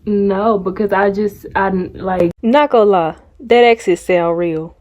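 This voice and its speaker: A woman's voice: mid-range voice, a little slow, darkish tone, muffled recording. A young woman vlogging casually, telling a story in a blunt, sassy way and laughing often.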